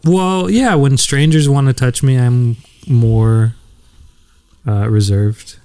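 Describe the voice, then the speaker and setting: A man's voice: medium pitch, slow pace, dark tone, clear, resonant tone, no echo. Teasing man in a dry room. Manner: dry teasing jokes at the other host. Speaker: podcast co-host. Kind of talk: casual podcast chat.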